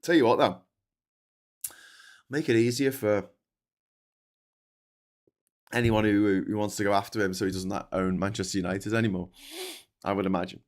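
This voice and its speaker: The host of a livestream news chat, a middle-aged Scouse man, reads super chats in a lowish, slightly mellow voice with fairly even intonation. He talks at a moderate pace, pausing often, and in this brief clip he rambles, swears, gets sarcastic and stumbles through false starts.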